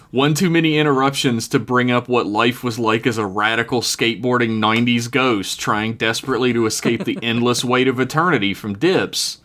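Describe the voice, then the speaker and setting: A man's voice: medium pitch, moderate pace, a bit bright. A man reading his own story aloud on a podcast, chuckling now and then at his own jokes.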